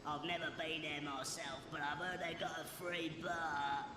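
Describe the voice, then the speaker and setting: An actor voicing a cheerful male game character who speaks slowly and jovially. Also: fairly high pitch, fairly even intonation, background noise, natural voice.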